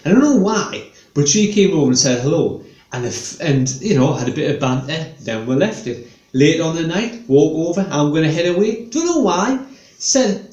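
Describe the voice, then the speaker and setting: A man's voice: fairly high pitch, darkish tone. A man telling rambling stand-up stories, chatty and meandering. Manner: chatty, meandering, full of fillers. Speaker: stand-up comedian. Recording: echoey room.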